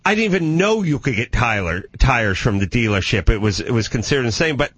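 A man's voice: a little fast, husky, dry recording. A man in his thirties from the San Fernando Valley, telling a comedic story in casual chat and jumping into incredulous shrieks. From the San Fernando Valley, California. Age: 30s. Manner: animated, jumps to shrill incredulous shrieks when acting out his disbelief.

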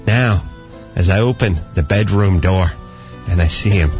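A man's voice: low voice, measured pace, a little mellow, soft background music. A man hosting a comedy radio show, telling stories theatrically and acting out scenes.

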